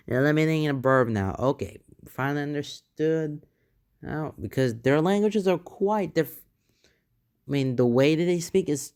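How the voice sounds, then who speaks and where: Male host, middle pitch, clean and dry, reads posts aloud, then riffs casually. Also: a little mellow, clear, resonant tone, no room sound. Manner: reads posts in an earnest tone, then reacts loosely with restarts. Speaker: channel host reading and reacting to online posts.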